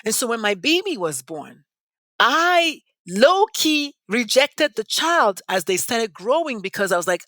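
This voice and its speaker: Appearing as a guest on a podcast, a Nigerian woman passionately tells her story, her bright voice leaping up and down through big pitch swings. Dramatic pauses mark her delivery, captured in a close, dry recording without echo.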